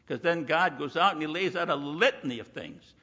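A man preaching in a bright, forceful voice with a husky edge, folksy and animated as he acts out quoted voices. The recording is dull and lo-fi, with long reverb from a church hall. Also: on the high side, a little fast. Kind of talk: sermon.

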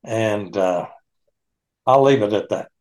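A man leading an online Bible study, teaching in an unhurried, folksy way and chuckling often. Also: lowish voice, a little mellow.

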